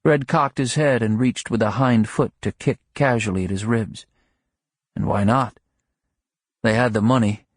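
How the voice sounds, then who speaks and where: A male audiobook narrator reading a literary novel in measured, unhurried prose. His mid-pitched voice has a slight huskiness, and the studio sound is close and dry with no room echo.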